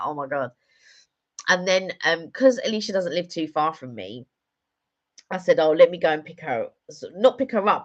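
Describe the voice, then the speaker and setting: A woman's voice: on the low side, a bit bright, muffled recording. A woman chatting casually on a live stream, telling rambling stories with lots of fillers. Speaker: vlogger doing a live stream. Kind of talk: casual chat.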